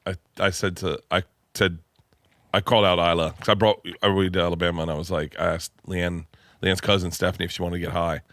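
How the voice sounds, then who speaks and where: Man, lowish voice, dry studio sound, animated storytelling, swears a lot, middle-aged. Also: quick pace, no room sound. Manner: animated, swearing, acts out family dialogue. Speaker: podcast guest. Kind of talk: casual storytelling.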